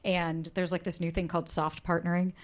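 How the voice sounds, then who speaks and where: A woman dating coach speaking as a podcast guest, telling stories in a lively way, acting out quotes and swearing freely. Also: on the low side, a little fast. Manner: animated storyteller, acts out quotes, swears freely. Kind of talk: candid podcast interview.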